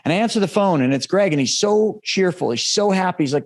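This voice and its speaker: A man hosting a podcast, telling an emotional personal story in an earnest way, dropping his voice low at the heavy moments. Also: fast talker. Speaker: podcast host.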